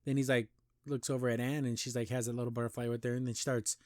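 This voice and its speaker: A man hosting a cartoon review show, chatting casually and enthusiastically, rambling with lots of "like" and "you know" and jumping up in pitch when he praises a scene. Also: level tone, fast talker, darkish tone, no echo, studio quality.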